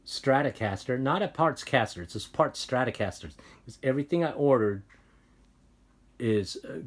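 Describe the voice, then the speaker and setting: A man casually telling a story and showing off his guitars at home, rambling and animated. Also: fairly low pitch, roomy sound. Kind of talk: casual storytelling and show-and-tell. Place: room at home, guitar workshop.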